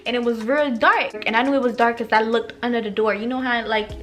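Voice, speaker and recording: Lively, high-voiced young woman telling stories. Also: fast talker, soft background music. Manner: animated, profane, acts out quoted lines. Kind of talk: casual storytime monologue.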